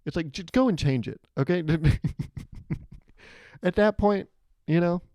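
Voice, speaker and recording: A young man talks alone into a studio mic on his own comedy podcast, monitoring himself through headphones as he rambles, mocks himself, and laughs at his own jokes. His voice sits high and warm, and he takes his time. The recording is dry.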